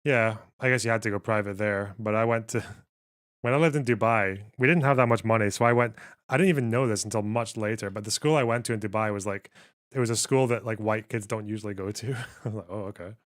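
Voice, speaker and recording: A man's voice: on the low side, fast talker. A man hosting a livestream, chatting casually and bluntly with frequent swearing and laughter. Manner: profane, blunt, laughs often. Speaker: livestream host.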